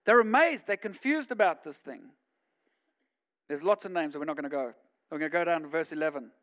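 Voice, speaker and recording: A man, a pastor, preaching a sermon in a conversational way that swings from quiet asides to loud, emphatic stretches. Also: a little high, animated, a little fast.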